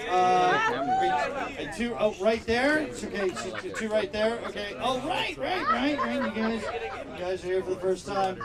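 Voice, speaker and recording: Guy hosting backyard comedy show, upbeat, lots of uhs, loud crowd all around. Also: high-pitched, huge pitch swings, a little slow. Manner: upbeat, many "uh" fillers. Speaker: show host. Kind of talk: emceeing a live show. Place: outdoor backyard patio show. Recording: loud crowd noise outdoors.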